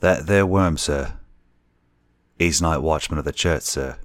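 A man's voice: very deep voice, unhurried, no room sound, studio quality. A man voicing a young Cockney bellboy and former soldier, deferential and anxious, forever saying sir. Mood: telling tale.

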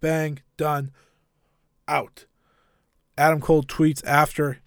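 A man's voice: on the high side, slow, pauses often, dry recording, studio quality. A man giving a casual, enthusiastic and opinionated recap of a wrestling show, rambling a little with fillers.

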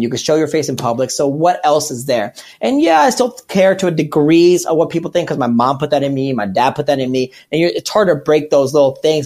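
A man's voice: on the high side, a little mellow. A man, a stand-up comedian and podcast guest, talking candidly in a rambling, earnest way with many restarts. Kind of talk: candid casual chat.

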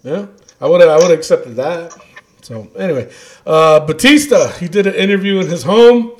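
A man co-hosting a wrestling podcast in casual chat, animated and laughing often as he rants. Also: high-pitched, normal speed. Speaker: podcast co-host.

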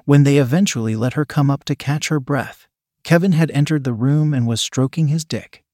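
A man narrating an adult story with a steady, even read-aloud delivery. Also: a little high, normal speed, dry recording, studio quality.

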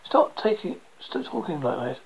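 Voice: medium pitch, big pitch swings, normal speed, vocal fry, breathy edge, voice pushed up, exaggerated voice, low-quality recording. A storyteller voicing an anxious mother who pleads on behalf of others. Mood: worried. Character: worried, protective young mother.

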